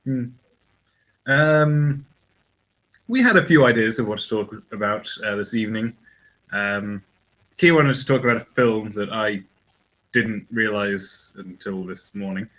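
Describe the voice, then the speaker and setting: A man's voice: on the low side, unhurried, long pauses, fairly bright tone, rough recording. A man co-hosting a casual podcast chat, rambling and hesitant, often restarting his sentences. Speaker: podcast co-host.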